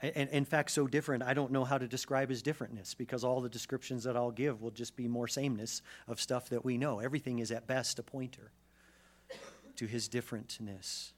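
A pastor preaching a sermon, swinging between loud emphatic declarations and quiet, low asides. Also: male voice, steady tone, brisk.

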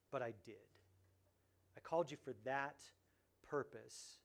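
A male pastor delivering a lively sermon. He swings from loud, excited outbursts to hushed, almost whispered lines. He acts out the voices he quotes, with a mid-range voice. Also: mid-range voice, slow, pauses often.

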